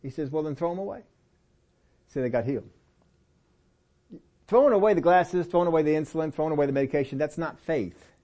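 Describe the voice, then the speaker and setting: A man's voice: quick pace, pauses often. Conversational middle-aged male preacher. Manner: conversational storytelling with lively pitch swings and laughs. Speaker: pastor. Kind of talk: sermon.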